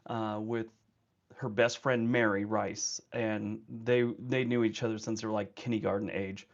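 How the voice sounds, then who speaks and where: A man chatting casually on his livestream, rambling and quick to laugh. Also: on the low side, lo-fi sound. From California. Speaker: livestream host.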